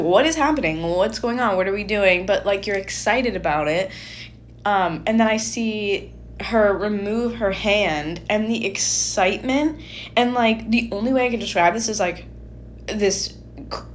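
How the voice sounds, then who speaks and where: A woman's voice: medium pitch, a little hiss or hum. Chatty young woman giving a tarot reading. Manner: chatty and animated, heavy "like" fillers. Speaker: tarot reader. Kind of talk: casual spoken tarot reading.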